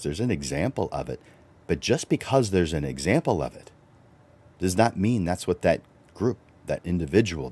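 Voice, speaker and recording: A middle-aged photographer hosts a livestreamed business coaching talk for other photographers. He's animated and chuckles often, and his voice jumps up high when he wants to stress a point.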